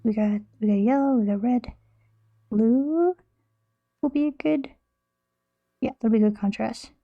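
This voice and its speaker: A woman's voice: a little high, unhurried, dull audio. A young woman streaming, chatting casually and playfully with her chat as she draws, rambling and restarting her sentences.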